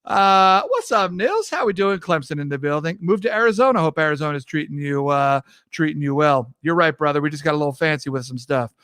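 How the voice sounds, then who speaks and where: Young man, talk show host, high voice, energetic, chatty, dry close mic. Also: fairly quick, few pauses, smooth, no echo. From New York. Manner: energetic, hypey, shouting out viewers. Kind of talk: upbeat livestream show hosting.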